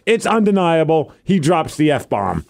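Lisping male podcast host, casual, reads listener mail, lively voice. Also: a little high, measured pace, creaky, slight background noise. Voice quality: slight lisp. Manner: reads listener messages aloud, laughs often.

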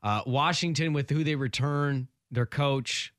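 A man co-hosting sports radio, loud and confident as he breaks down the college football season. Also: medium pitch, a little slow, no room sound, studio quality. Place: radio studio. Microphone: studio mic.

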